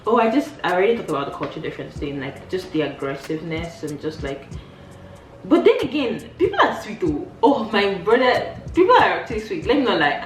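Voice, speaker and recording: A woman chatting casually in a vlog, telling stories in an animated way and acting out what people said. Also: distant mic, a little hiss or hum. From Nigeria. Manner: animated, acts out quoted dialogue with big pitch jumps. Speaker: vlogger. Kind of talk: casual storytelling chat. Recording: roomy sound from off the mic, faint music.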